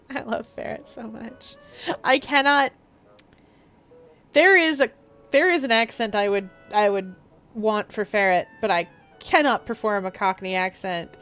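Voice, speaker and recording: A woman's voice: a little high, a little slow, long pauses, a bit bright, smooth, faint music behind. A young woman streaming a game, chatting casually in a playful, giggly way.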